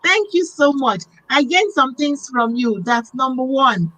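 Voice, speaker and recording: A woman hosting a talk show, telling a personal story in a lively, emotional way. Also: sits high, a little slow, no echo, rough recording. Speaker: host. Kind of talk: casual interview chat.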